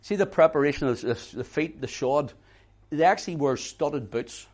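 A middle-aged man preaching a sermon, swinging between hushed intimate talk and loud emphatic preaching, repeating words for emphasis. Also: on the high side, lively intonation, moderate pace.

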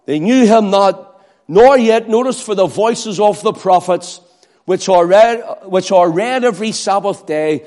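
A man's voice: high voice, a little slow, a little mellow. A man preaching a sermon, who acts out crowd cries and pleas in a raised voice.

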